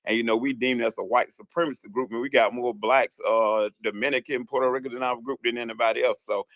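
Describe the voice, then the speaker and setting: A man's voice: mid-range voice, fairly even intonation, fast, fairly bright tone, dry recording. A man with a Southern US accent calling into an online audio room, talking bluntly and emphatically with plenty of profanity. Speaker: caller. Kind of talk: casual call-in chat.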